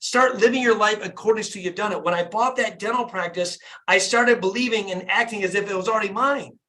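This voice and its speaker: A middle-aged man hosts a group video call in a high, bright, forceful voice. He preaches in a fired-up way and drives his points home by repeating phrases. The sound comes through a call connection. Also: fairly quick. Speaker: dentist and business coach hosting a group call.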